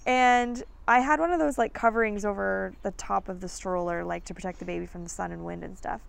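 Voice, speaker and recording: A woman in her thirties, a podcast host telling a story in an animated, chatty way. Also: medium pitch, brisk, vocal fry. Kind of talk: casual storytelling chat.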